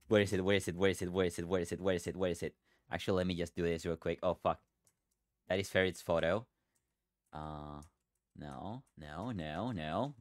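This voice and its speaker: A man livestreaming, chatting with his viewers in an excitable, rambling way, stammering and swearing. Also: low voice, no echo.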